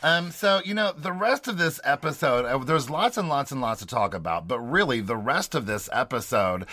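A man co-hosting a podcast, recapping reality TV scenes in casual, animated chat. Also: medium pitch, normal speed, dry recording, clean studio sound. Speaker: podcast co-host.

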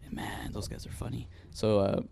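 A man's voice: normal speed, warm tone. A man in his twenties co-hosting a podcast, telling stories in a laid-back way, chuckling and cursing freely. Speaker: podcast co-host. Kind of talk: casual chat.

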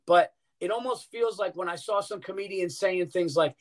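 A man's voice: high voice, normal speed, few pauses. A middle-aged man, a comedian guest on a podcast, telling stories in casual chat and swearing freely. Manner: animated storyteller, swears freely.

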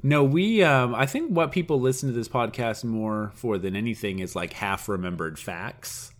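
A woman co-hosting a podcast in casual chat, wry and quick to laugh. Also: very deep voice. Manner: animated, wry, laughs often. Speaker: podcast co-host.

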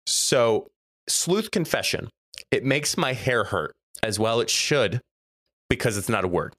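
A young male podcast co-host, medium-pitched and unhurried, reads list entries aloud on a casual show, recorded in a dry, studio-quality room. He's animated, laughs often, and delivers quotes with mock gravity.

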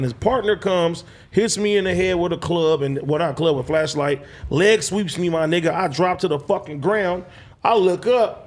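A man's voice: on the high side, normal speed. A man telling a long personal story in casual, slang-heavy, swearing chat.

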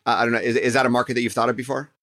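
A man's voice: mid-range voice, level tone, rapid-fire, fairly bright tone. A man hosting a podcast interview, musing aloud and searching for his words as he frames a question. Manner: thoughtful, searching for words with restarts. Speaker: podcast host.

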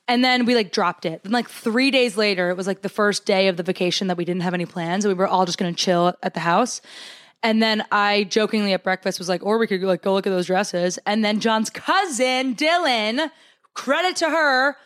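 A woman co-hosting a podcast in casual chat, telling a story and acting out quotes in high, excited voices. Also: normal speed, dry recording, studio quality. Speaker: podcast co-host.

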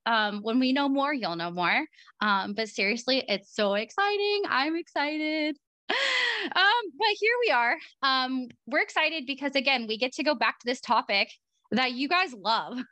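A bubbly woman co-hosts a podcast, laughing easily between thoughts. Her voice is bright and a touch high, recorded dry and close. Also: animated, normal speed, no room sound. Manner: bubbly, laughs often, many fillers. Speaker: podcast co-host. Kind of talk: casual chat. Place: Arizona.

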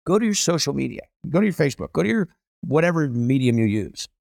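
A man's voice: fairly high pitch, very animated, fast, gravelly, a little mellow, dry recording, clean studio sound. A middle-aged man, a celebrity chef guest, telling stories with energy and emphasis in a casual conversation.

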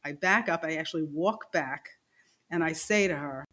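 A woman with a deep voice, speaking a little slowly, tells a personal story as a guest on a podcast. She's animated and laughs as she goes, acting out the quoted lines of the people involved.

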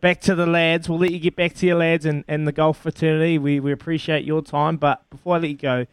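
Brief: New man host, fast talker, smooth clear voice, dry close sound. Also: a little high, little pitch movement, no echo. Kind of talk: casual interview.

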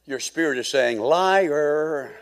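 A middle-aged male pastor preaching a sermon, swinging from hushed asides to fervent shouting. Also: on the high side, big pitch swings, moderate pace, gravelly, in a large hall.

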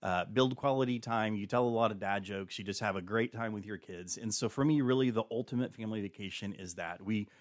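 A man in his forties, a podcast guest telling family stories in a casual, animated way and acting out the dialogue. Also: fairly low pitch, a little fast, few pauses, no echo, studio quality.

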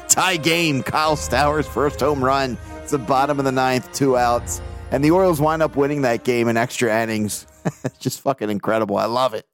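Excitable man hosting a sports podcast. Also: medium pitch, fairly quick, soft background music. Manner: excitable, swears casually, reads listener emails aloud. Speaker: podcast host. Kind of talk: casual podcast monologue.

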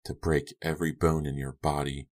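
A man voices a deranged young woman in a spoken horror story. Her voice stays very deep and quiet, almost dreamy. The menace sits in how softly she says things. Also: normal speed. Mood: quietly menacing. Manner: soft, quiet, eerily calm menace. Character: unhinged young woman, calm then vicious.

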